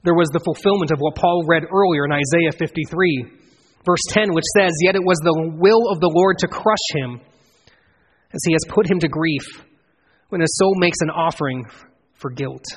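Man, sermon, earnest, emphatic swells, husky, long hall reverb. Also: normal speed. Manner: earnest, builds to emphatic swells then drops low. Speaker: preacher. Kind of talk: expository sermon.

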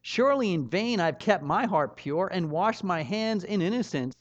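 This middle-aged man's voice sits high, with lively intonation and a moderate pace. Earnest and emphatic, he preaches as a pastor with a rising-and-falling cadence, captured in a dull, slightly muffled recording without echo.

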